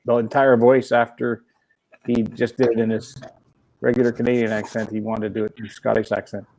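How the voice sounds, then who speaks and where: A man's voice: medium pitch, flat delivery, a little fast, gravelly, darkish tone, slight background noise, rough recording. A man chiming in on a live video chat, matter-of-fact. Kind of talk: casual chat.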